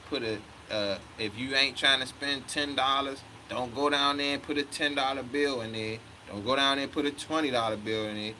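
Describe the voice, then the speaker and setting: A man's voice: medium pitch, sharp tone, slight background noise, poor audio. Profane, heated man in his thirties. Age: 30s. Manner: profane, heated, quotes himself a lot. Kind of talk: casual storytelling rant.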